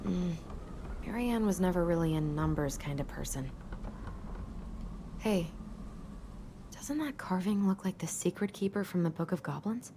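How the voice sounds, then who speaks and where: An actress playing a twin sister in a video game, talking in a calm, conversational way. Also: female voice, fairly low pitch, a little slow, pauses often, noisy background.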